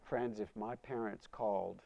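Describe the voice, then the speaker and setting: A man preaching a sermon and telling his testimony as a dramatic story, swinging from loud to hushed. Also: fairly low pitch, steady tone, unhurried, creaky, highs cut off.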